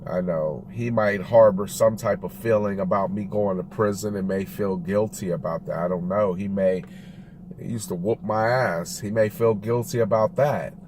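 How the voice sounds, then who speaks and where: A man speaking slowly and candidly in a reflective personal monologue, recorded with loud car noise around him. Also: on the low side, steady tone. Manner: slow, thoughtful, candid. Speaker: realtor talking about family.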